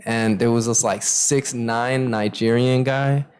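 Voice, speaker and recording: A man's voice: mid-range voice, takes it slowly, clear, resonant tone. A young man co-hosting a podcast, chatting casually and telling stories, acting out what people said. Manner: animated, acts out quoted lines loudly. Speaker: podcast co-host. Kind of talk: casual chat, storytelling.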